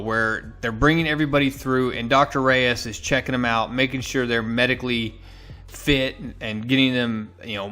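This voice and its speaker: A man's voice: medium pitch, fairly bright tone. A man casually recapping and reviewing a comic book issue, enthusiastic and recounting with small restarts.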